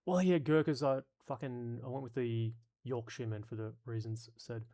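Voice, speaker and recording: A man's voice: medium pitch, steady tone, moderate pace, mellow. Australian male streamer, sweary and exasperated, casual chat-reading delivery. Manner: sweary, exasperated, talks through ideas. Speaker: YouTube host reading live chat.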